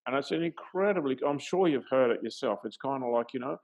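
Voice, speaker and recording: A man's voice: mid-range voice, expressive, a little fast, creaky, a little mellow, rough recording. A middle-aged man in a mid-range voice talks through ideas like a life coach hosting his own show. He thinks aloud, loosely and conversationally, and now and then breaks into an easy chuckle. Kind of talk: conversational talk-show monologue.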